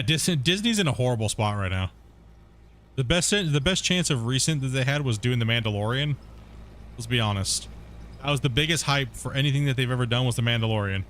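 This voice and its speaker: A man chats casually while streaming, rambling from thought to thought and speaking bluntly, cursing when something annoys him. His voice sits at an everyday middle pitch. A faint noise runs under the recording. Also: fairly bright tone. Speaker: gaming streamer. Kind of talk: casual chat.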